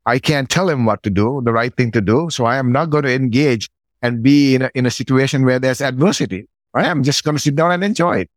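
A middle-aged man guesting on a podcast shares a relaxed personal anecdote, performing his own side of old exchanges. He talks a little fast at medium pitch in a dry recording.

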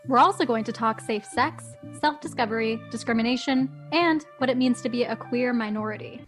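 Young woman podcast co-host, high voice, playful, faint music bed. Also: fairly quick. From parents from India. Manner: playful, laughs often. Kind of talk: casual podcast chat.

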